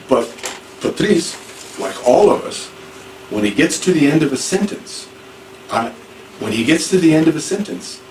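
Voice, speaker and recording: Distant teacher in an echoey classroom. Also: male voice, fairly high pitch. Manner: informal, repeats and restarts, acts out examples. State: hard of hearing. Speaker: ESL teacher. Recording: echoey room, far from mic, faint noise.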